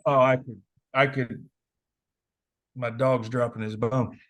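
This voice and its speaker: A man in his forties from southern Indiana, telling stories from his playing days in a casual, animated interview. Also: medium pitch, slow pace. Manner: animated storyteller, acts out quoted voices. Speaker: interview guest, former basketball player. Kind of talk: casual storytelling.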